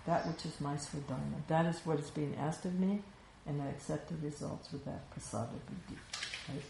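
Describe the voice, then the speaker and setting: A woman with a low, gravelly voice gives a spiritual teaching in an easy, conversational way and keeps checking in with her listeners. She is recorded in an echoey room with a faint hum of ambience behind her. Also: steady tone, normal speed, dark tone. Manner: reflective, conversational, frequent "you know". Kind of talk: Vedanta teaching talk.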